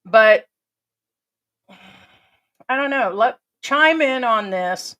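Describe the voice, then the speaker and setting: A woman's voice: a little high, expressive, extremely slow, a bit bright, poor audio. An American woman giving blunt, profane, rambling commentary as an expat vlogger. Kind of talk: casual vlog commentary.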